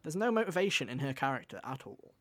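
A man co-hosting a casual video game podcast, excitable and swearing freely, repeating himself as he talks. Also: mid-range voice, quick pace, dry recording. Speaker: podcast co-host and game reviewer. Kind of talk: casual spoiler chat.

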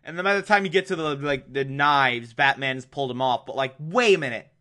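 A man's voice: mid-range voice, fairly quick, bright, forceful tone. A man giving a comedic recap of a cartoon episode, sarcastic and prone to exasperated rants. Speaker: show recap host.

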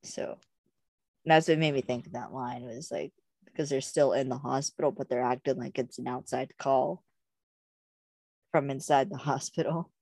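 Young woman, low gravelly voice, rambly podcast chat, dry close sound. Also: moderate pace, pauses often, a little mellow, no room sound. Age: young adult. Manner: chatty, rambling, frequent "like" fillers. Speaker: podcast co-host. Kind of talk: casual chat.

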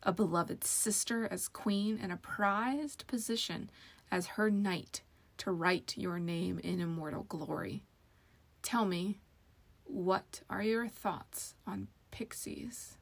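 Brief: woman doing a taunting magic mirror spirit, harsh, gravelly, sing-song whispers. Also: lowish voice, slow pace, heavily acted. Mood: mocking. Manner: mocking, teasing, sing-song, sometimes whispered.

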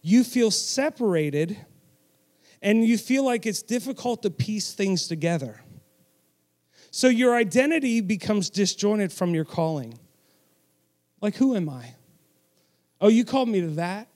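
High-voiced emphatic male preacher. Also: expressive, a little slow, long pauses, darkish tone. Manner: emphatic, with audience call-and-response and self-deprecating asides. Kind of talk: sermon.

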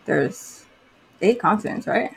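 A woman's voice: medium pitch, expressive, slow, gravelly, husky. A woman co-hosting a podcast in casual chat, giggly, easily flustered and self-deprecating. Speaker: podcast co-host.

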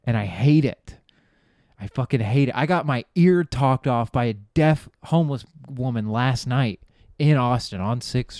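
A man's voice: medium pitch, darkish tone, clear, resonant tone, no echo, clean studio sound. A man hosting a podcast, telling a rambling, profane comic story and laughing at his own jokes. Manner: rambling, profane, trails off and restarts. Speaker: podcast host. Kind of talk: casual comedic storytelling.

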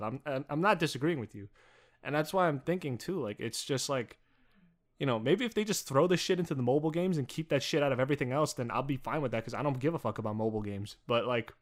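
A young man co-hosting a podcast in casual chat, rambling with lots of fillers and frequent swearing. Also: medium pitch. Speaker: podcast co-host.

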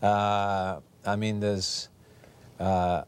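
An English actor from England as a guest in an archive TV interview, dry and hesitant. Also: male voice, lowish voice, little pitch movement, drawn-out words, clear, resonant tone.

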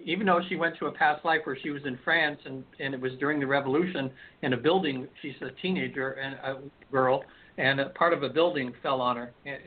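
A male hypnotherapist guest on a call-in radio show, telling stories in a rambling way with many restarts. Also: mid-range voice. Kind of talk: storytelling in a call-in radio interview. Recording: phone-like lo-fi line.

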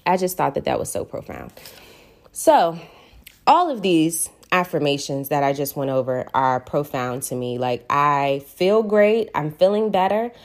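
A woman's voice: deep voice, animated. A woman hosting a podcast and talking casually about affirmations, in an earnest, reflective way, stretching out the words she stresses, with a lilt. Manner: earnest, reflective, drawn-out emphasis on key words. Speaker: podcast host. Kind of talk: casual solo podcast talk.

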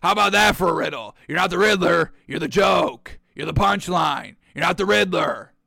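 A man hosting sports talk, ranting in a mocking, animated way and repeating himself for effect. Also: high-pitched, moderate pace, creaky, no echo, clean studio sound.

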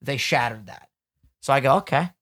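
A young man hosting a podcast in casual chat, excitable, swearing freely and laughing often. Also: on the high side, fairly quick. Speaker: podcast host.

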